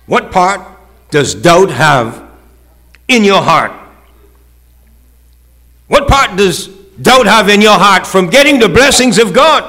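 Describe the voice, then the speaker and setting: A man's voice: sits high, pushed and bright. A male pastor preaching a sermon, with rising, emphatic calls and acted-out quotes.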